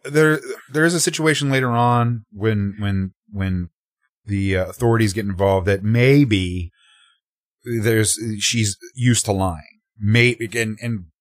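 A man's voice: fairly low pitch, slow, dry recording, clean studio sound. A man co-hosting a podcast, talking through a film casually and acting out reactions in quoted voices. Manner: animated, acts out quoted reactions. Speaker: podcast co-host.

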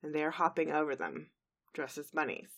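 A woman with a notably low, deep voice co-hosts a casual podcast. She talks chattily and loosely, recapping scenes as she goes and filling the gaps with easy fillers. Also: steady tone, a little fast, a bit bright. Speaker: podcast co-host. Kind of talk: casual podcast episode review.

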